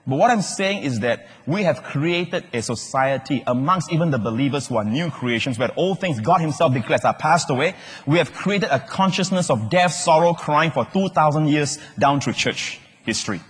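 A man with a Singaporean English accent preaching a sermon, animated and joking, often acting out other people's voices. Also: a little high, normal speed, husky. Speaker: pastor. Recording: echoey hall with long reverb.

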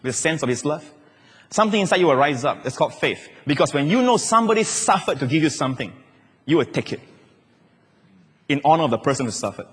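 A male pastor preaching a sermon to a church, dropping at times into soft, slow, hushed repetitions. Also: on the high side, sing-song, breathy edge. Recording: long reverb of a large hall.

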